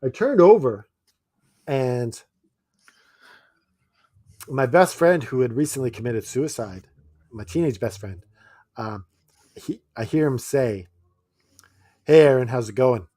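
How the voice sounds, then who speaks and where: A man's voice: mid-range voice, lively intonation, slow pace, pauses often, warm tone, no room sound. A man co-hosting a casual podcast, telling stories and laughing often as he acts out quoted lines. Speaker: podcast co-host. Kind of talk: casual chat.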